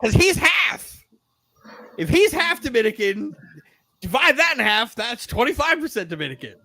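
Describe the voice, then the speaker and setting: A man's voice: very high voice, brisk, no echo. A man co-hosting a casual sports podcast, arguing animatedly and swearing freely. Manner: animated, argumentative, swears a lot. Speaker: podcast co-host. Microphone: remote live stream setup.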